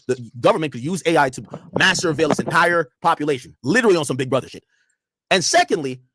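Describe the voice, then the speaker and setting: A man hosting a casual talk show, commenting on the news in an animated, profane way and acting out quotes. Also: on the high side, dry recording. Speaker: show host.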